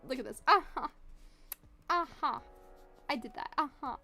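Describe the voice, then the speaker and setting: A smug copycat AI program crows over its stolen picture, put on by a woman streamer. Its voice jumps high and loud with each triumphant exclamation. Faint music plays underneath. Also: lively intonation, a little slow, creaky, full character voice. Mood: gloating.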